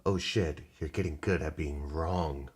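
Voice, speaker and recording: A man's voice: extremely low pitch, unhurried, breathy edge. A man casually walking viewers through a trading chart, rambling and swearing, acting out little voices as he goes. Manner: profane, rambling, animated with put-on voices. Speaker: day trading streamer. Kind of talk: casual live chart walkthrough.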